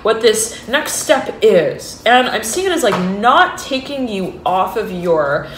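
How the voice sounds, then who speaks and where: A woman's voice: on the high side, very animated, slow pace, a bit bright, slight background noise. Rambling woman tarot reader in an echoey room. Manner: rambling, hesitant, full of fillers and restarts; laughs often and gets giddy. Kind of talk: intuitive tarot reading.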